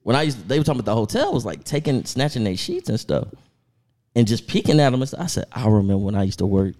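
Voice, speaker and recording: Animated gravelly-voiced man telling stories. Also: fast. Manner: animated, laughing storyteller who jumps into high voices for quotes. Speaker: podcast co-host. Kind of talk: casual storytelling chat.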